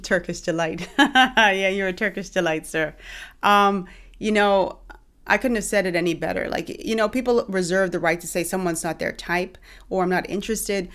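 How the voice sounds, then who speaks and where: A woman's voice: mid-range voice, normal speed, fairly bright tone, smooth. A Bahamian woman hosting a casual opinion vlog, talking emphatically with lots of fillers and restarts. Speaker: vlogger host.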